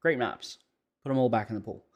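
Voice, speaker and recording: A man's voice: mid-range voice, brisk. Laid-back man in gaming chat. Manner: laid-back, pleading jokingly. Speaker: podcast co-host.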